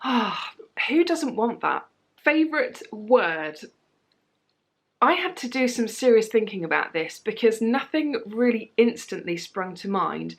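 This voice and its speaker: A young British woman with a British accent talks to her viewers in a relaxed, chatty vlog. She sounds animated and laughs easily between her answers. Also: mid-range voice. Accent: British English. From Britain. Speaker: vlogger. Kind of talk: casual chatty tag video.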